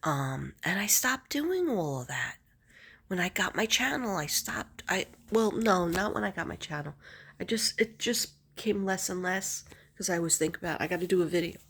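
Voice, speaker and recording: A woman's voice: medium pitch, expressive, normal speed, a bit bright, breathy edge. A middle-aged woman vlogger chatting casually to camera, rambling and laughing often.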